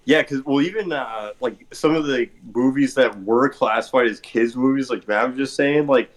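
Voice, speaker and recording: A man's voice: medium pitch, moderate pace. Male podcast co-host, casual, rambling talker. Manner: rambling, many fillers and restarts. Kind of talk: casual chat.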